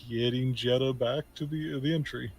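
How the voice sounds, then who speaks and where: A man playing a tabletop game, talking casually in halting bursts with many fillers. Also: medium pitch, steady tone, darkish tone, slight background noise, poor audio. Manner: halting, lots of fillers and restarts. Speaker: player.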